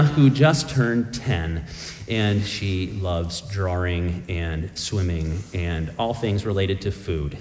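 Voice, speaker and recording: A man's voice: mid-range voice, big-room sound. A middle-aged man preaching a sermon as pastor, telling self-deprecating stories with humor.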